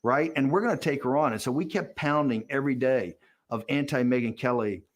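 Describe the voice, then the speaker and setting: A man's voice: medium pitch, brisk. A man in his sixties giving a candid documentary interview, telling a story with animation and acting out quoted dialogue. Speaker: interview guest.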